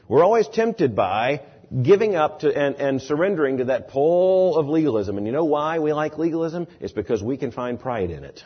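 Husky male preacher, lo-fi sermon. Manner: expressive, swings from low and soft to loud and emphatic.

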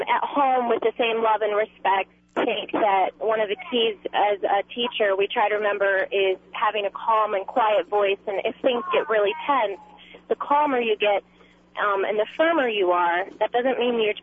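A woman phones in to a radio talk show, speaking calmly and gently with a few soft fillers. Her voice comes through a tinny telephone line with a faint hiss underneath. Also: mid-range voice, normal speed. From Illinois, US. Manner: calm, gentle, uses fillers. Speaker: caller, teacher.

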